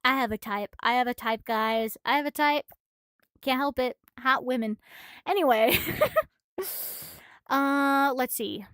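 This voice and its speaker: A woman streaming a casual manga recap, excitable and swearing freely, a little out of breath. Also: high voice, unhurried, pauses often, clean tone, no echo.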